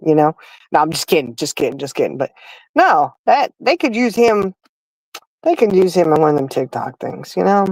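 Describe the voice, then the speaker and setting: A woman's voice: low voice, a little mellow, no echo, low-quality recording. A middle-aged woman, hosting a livestream and chatting casually, telling stories with frequent laughs and calling her listeners "y'all". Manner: chatty storyteller, laughing, addresses chat as y'all. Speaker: livestream host. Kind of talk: casual chat.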